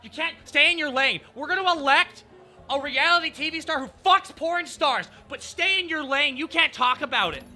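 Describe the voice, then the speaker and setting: A man putting on a whiny, preachy online commenter who nags in a high, shrill, bright voice that swoops up and down. The tone is smug and scolding, loud and mocking. Faint music sits behind. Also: lively intonation, normal speed, exaggerated voice.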